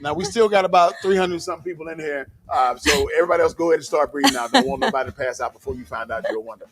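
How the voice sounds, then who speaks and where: A man's voice: a little high, animated, very fast, creaky, fairly bright tone. A man emceeing a live charity gala, announcing winners in a playful, sing-song, joking way. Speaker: emcee and comedian.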